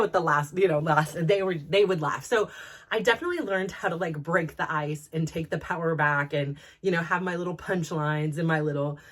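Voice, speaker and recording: A woman's voice: sits low, a bit bright. A woman from California with a Valley girl accent, telling personal stories in a chatty podcast monologue full of "like". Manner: chatty, peppered with "like", quick laughs. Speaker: podcast host. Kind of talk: casual storytelling monologue.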